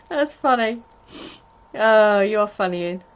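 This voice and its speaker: A woman's voice: medium pitch, dull audio. A woman co-hosting a casual live stream, chatty and giggly, joking playfully. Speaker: co-host.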